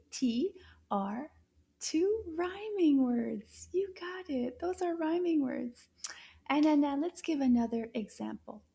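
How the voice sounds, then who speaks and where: A young woman teaching a children's language lesson, in a sing-song, encouraging manner with hushed asides. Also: high-pitched. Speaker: French teacher.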